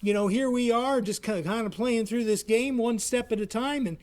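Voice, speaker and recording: An earnest aging softball player, put on by a man telling a story, talks in a folksy, halting way and keeps repeating his words. The voice sits noticeably high for a man.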